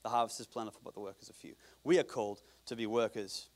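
At a church service, a male pastor delivers his sermon quickly in a steady tone, alternating bursts of loud emphasis with hushed, low-voiced asides.

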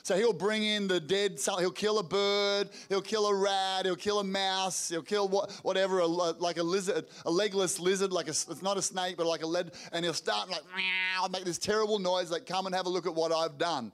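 A middle-aged man preaching to a church congregation, telling lively family stories with quick restarts and acted-out quotes. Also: sits high, clear, resonant tone. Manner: energetic storytelling with rapid restarts and acted-out quotes. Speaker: pastor. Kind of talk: sermon storytelling. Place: church hall before a congregation.

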